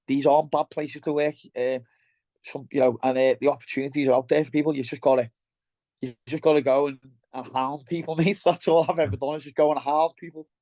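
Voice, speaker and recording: A man's voice: mid-range voice, mellow, dry recording. A middle-aged man with a Merseyside accent, a guest chatting bluntly and plainly about his work, calling the host "mate". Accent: Merseyside English. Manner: blunt, down-to-earth, keeps saying "mate". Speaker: guest, welder turned operations head. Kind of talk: casual interview chat. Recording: dull lo-fi sound.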